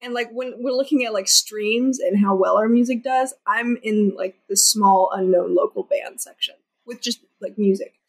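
A woman's voice: medium pitch, moderate pace, few pauses, husky, rough recording. A young woman singer-songwriter chatting casually as an interview guest, with lots of "like" fillers. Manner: chatty, many "like" fillers, laughs often.

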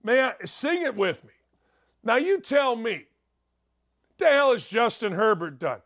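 A middle-aged man delivers a sports talk monologue in a fairly high voice. He rants with heavy sarcasm and slows down to drag out his points. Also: very animated, fairly bright tone. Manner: sarcastic, ranting, drawn-out emphatic delivery. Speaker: sports talk show host.

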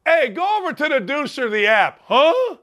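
A male sports-talk host with a very high, bright and forceful voice. He rants bluntly about college basketball and rambles from one point to the next with a combative edge. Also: very animated, fairly quick.

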